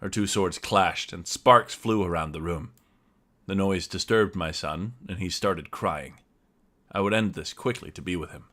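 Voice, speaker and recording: A man's voice: low voice, a little slow. A man narrating his character's actions in first person as a player in a tabletop story game. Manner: steady, descriptive narration.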